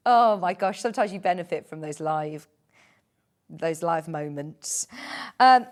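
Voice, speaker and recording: A woman's voice: lowish voice, animated, slow, long pauses. A woman presenting fabrics on live shopping television, chatty and bubbly, laughing often.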